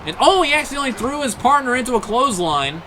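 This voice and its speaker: A man calling wrestling matches play-by-play, excitable, packed with exclaimed "oh"s and chuckles at the big moments. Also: extremely high pitch, fast talker, slight background noise. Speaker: play-by-play commentator.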